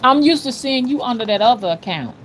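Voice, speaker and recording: A middle-aged woman with an older-generation Alabama Southern accent hosts a livestream as a spiritual rootworker, reading viewer comments in chatty, folksy fashion and repeating "you know what I'm saying." Her voice is a little high and a little fast with lively intonation, and there's slight background noise.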